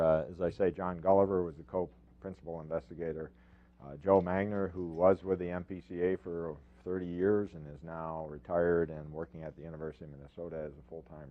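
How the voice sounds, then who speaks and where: An older man with a very deep, low voice gives a research talk to a room of professionals. He is from upstate New York and speaks in a halting, friendly way with many fillers and restarts. The sound is narrow and phone-like. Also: fairly even intonation. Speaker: university researcher presenting. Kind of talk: informal technical presentation.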